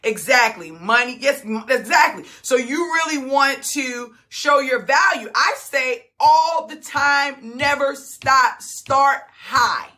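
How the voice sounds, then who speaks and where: Woman, middle-aged, coaching host, emphatic and fired up, bright forceful tone, slightly high. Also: slow pace, few pauses. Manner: fired-up, emphatic, laughs often. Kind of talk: coaching talk on a group call.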